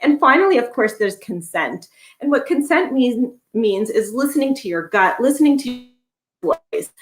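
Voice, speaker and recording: A woman therapist gives an educational talk in a slightly high voice. She works through her points one at a time in a relaxed, conversational way. The recording sounds echoey. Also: normal speed. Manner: conversational, lists points step by step. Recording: echoey room.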